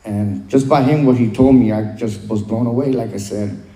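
Man, testimony style, very mellow dark tone, hesitant delivery. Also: mid-range voice. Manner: halting, full of "um" and "you know". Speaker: guest sharing his recovery story. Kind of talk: personal testimony. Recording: roomy echo.

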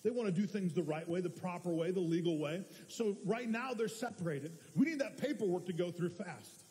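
High-voiced man preaching in a reverberant hall. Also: fairly quick, warm tone. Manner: earnest, conversational preaching with restarts. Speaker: pastor. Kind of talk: sermon. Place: church sanctuary.

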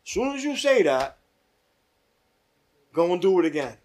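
A man leading a Bible study as pastor, reading scripture aloud with emphatic rises and dropping to quiet asides. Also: sits high, very animated, normal speed.

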